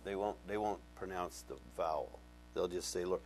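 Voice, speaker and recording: A man preaching a Bible-teaching sermon, animated and conversational, often asking his congregation questions. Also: deep voice, moderate pace. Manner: conversational, folksy. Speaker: pastor.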